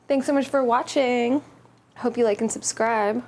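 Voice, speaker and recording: A woman's voice: on the high side, expressive, moderate pace, vocal fry, a little hiss or hum. Playful woman vlogging from her bakery. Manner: playful, jokey. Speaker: baking vlogger. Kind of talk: casual chat. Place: home bakery. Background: background music.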